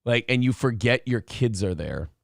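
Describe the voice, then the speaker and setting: A man's voice: medium pitch, normal speed, gravelly, no room sound, studio quality. A middle-aged man co-hosting a casual talk show, telling stories with lots of swearing. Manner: animated storytelling, swears freely. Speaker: podcast co-host. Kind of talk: casual chat.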